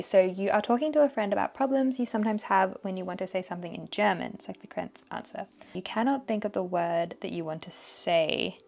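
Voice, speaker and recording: A young woman vlogging as she takes a language test, thinking aloud and sounding out foreign words slowly. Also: fairly low pitch, gravelly. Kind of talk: casual vlog commentary.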